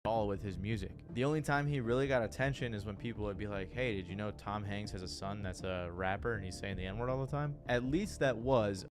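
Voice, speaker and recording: A man narrating a documentary-style video in scripted narration with a steady, wry delivery. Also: fairly low pitch, fairly quick, few pauses, slight background noise. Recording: narration over background music.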